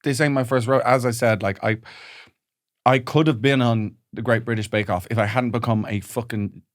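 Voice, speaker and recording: An Irish man co-hosting a comedy podcast, talking in an animated, swearing, mock-indignant way. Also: fairly low pitch, normal speed, dry recording, studio quality. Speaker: podcast co-host. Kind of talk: casual comedy chat. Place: podcast studio.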